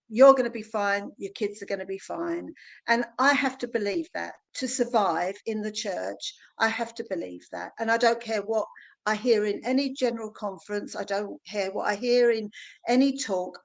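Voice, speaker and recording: Woman, middle-aged, heartfelt livestream talk, earnest, creaky voice, video call. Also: mid-range voice. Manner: earnest, emotional, personal. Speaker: guest host.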